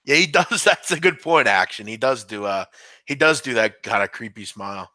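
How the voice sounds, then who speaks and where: A laid-back man hosting a casual late-night sports chat, chuckling and self-deprecating, his voice starting to go hoarse. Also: mid-range voice, animated, normal speed, bright, forceful tone, dry recording, studio quality. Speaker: fill-in host.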